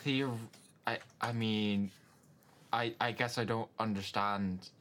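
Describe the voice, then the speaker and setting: A man with a deep, low voice speaks in character at a tabletop game. He halts and hedges, sounding unsure of what to say. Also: steady tone, a bit bright. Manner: uncertain, halting. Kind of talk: in-character casual play.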